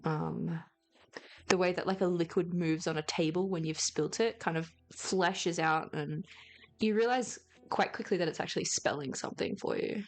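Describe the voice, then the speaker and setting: A woman's voice: lowish voice, moderate pace. A woman narrating as game master, casual and laughing, often searching for words.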